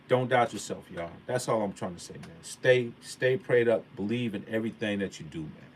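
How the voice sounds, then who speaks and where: A man's voice: medium pitch, big pitch swings, normal speed, a little hiss or hum. Emphatic man telling a motivational story. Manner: emphatic, preachy, repeats key points; casual slangy speech. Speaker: vlogger.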